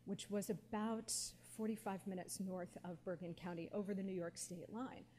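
A woman in her forties telling personal stories to an audience, lively and anecdotal, often quoting others with feeling. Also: medium pitch, moderate pace. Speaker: guest speaker. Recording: long hall reverb, faint background noise.

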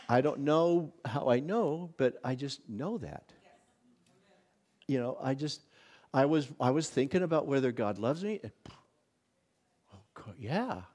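A visiting pastor teaching a church workshop in a casual, conversational way, often acting out little exclamations of wonder. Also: male voice, mid-range voice, animated, slow pace, pauses often, darkish tone. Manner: conversational, many restarts and acted-out inner exclamations.

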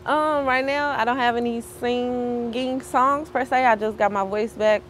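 A woman's voice: a little high, steady tone, unhurried, a bit bright, a little hiss or hum. A woman from St. Louis being interviewed on the street, answering briefly and then rapping a freestyle. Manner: casual, brief answers, rhythmic freestyle delivery. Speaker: aspiring rapper.

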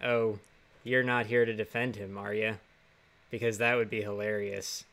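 A man's voice: fairly low pitch, level tone, normal speed, gravelly, a bit bright. A man voicing a blunt, mocking jail guard in a game, in a near-everyday voice.

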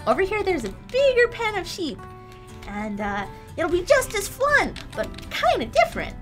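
Bubbly high-voiced woman kids' host. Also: huge pitch swings, normal speed, fairly bright tone, faint music behind. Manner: bubbly, exaggerated, sing-song. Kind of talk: kids' game let's-play.

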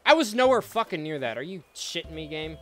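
A man's voice: fairly high pitch, very animated, a little fast, faint music behind. Laid-back swearing man narrating gameplay. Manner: laid-back, swears freely, chatty asides to viewers. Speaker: let's play host. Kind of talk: casual gameplay commentary.

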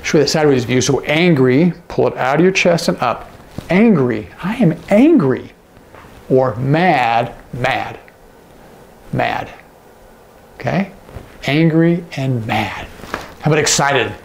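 A man's voice: mid-range voice, a little slow, creaky, long pauses. A man teaching sign language, patiently naming each word and checking in with the viewer. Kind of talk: instructional demonstration.

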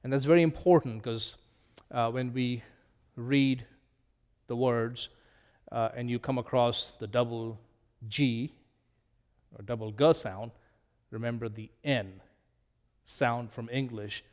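Middle aged guy teaching a class, slow and patient, repeats stuff, middle pitch, big room with a long echo. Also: fairly even intonation, darkish tone. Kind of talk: classroom lesson at a whiteboard.

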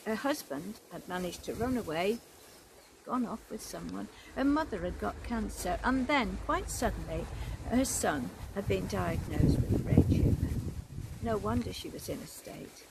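An older woman tells her story of faith with gentle earnestness and a gravelly edge to her voice. Her voice sits at an ordinary pitch. A steady hiss of noise sits under the home recording. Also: a little slow. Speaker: church warden. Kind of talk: personal testimony.

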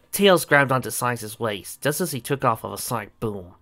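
Man narrator, storybook reading, lively, bright. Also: mid-range voice, moderate pace. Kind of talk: storybook fan-fiction reading.

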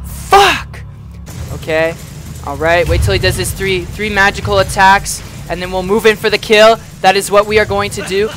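High-voiced man yelling over game music. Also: a little fast. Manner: loud, excitable, swearing and yelling at the game. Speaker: gamer. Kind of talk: let's play commentary. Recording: music playing underneath.

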